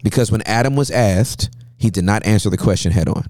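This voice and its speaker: A man speaking as a guest pastor, telling animated sermon-style stories with a preacher's cadence and frequent laughter. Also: fairly low pitch, a little fast, no echo.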